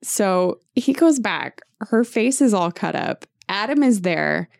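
A young woman co-hosting a podcast, chatting and reading a book aloud, giggly and expressive, swearing freely. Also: medium pitch, slow, vocal fry, dry recording, clean studio sound. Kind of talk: casual chat and dramatic reading.

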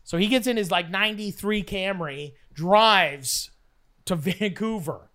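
A man with a high, bright, forceful voice and a measured pace tells a long, profane story as a guest during casual chat over a card game, acting out the quotes as he goes.

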